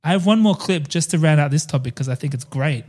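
A man's voice: fairly high pitch, animated, fast, darkish tone, a little hiss or hum. A man co-hosting a podcast, chatty and jokey, swearing and laughing often. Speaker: podcast co-host. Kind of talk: casual chat.

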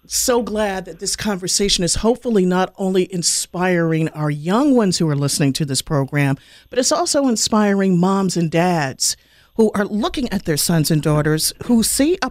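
High-voiced, hoarse male host. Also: no echo. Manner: affirming, encouraging, frequent agreement. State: losing his voice. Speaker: program host. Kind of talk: hosting a panel discussion.

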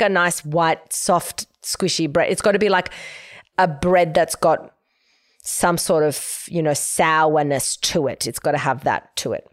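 A young adult woman with a lowish voice hosts a casual solo podcast, giving advice in a chatty, emphatic way with quoted asides. The sound is studio quality with no echo.

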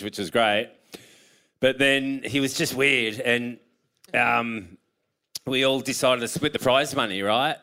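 A man's voice: medium pitch, sharp tone, clear, resonant tone. A man telling a story casually as a panel guest, easygoing and laughing at himself.

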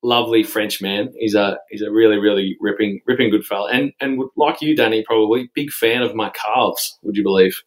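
A man's voice: on the low side, steady tone, a little fast, few pauses, poor audio. A young Australian man co-hosting a podcast, chatting casually with lots of fillers and restarts. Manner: rambling, many fillers and restarts. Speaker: podcast co-host. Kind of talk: casual chat.

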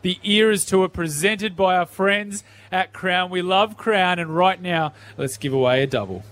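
A man's voice: sits high, unhurried, background noise. A man presenting live radio, reading promos in an upbeat announcer manner.

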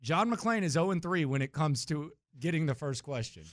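A man hosting a sports radio show, animated and mock-serious, a self-described high-strung talker. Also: moderate pace, no echo, clean studio sound. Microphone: studio microphone.

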